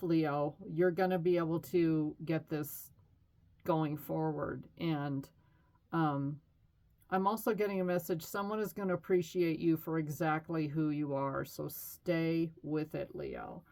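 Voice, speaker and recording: A woman's voice: on the low side, a little mellow. A middle-aged woman giving a casual tarot reading in a chatty, reassuring way, with fillers and light laughs. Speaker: tarot reader.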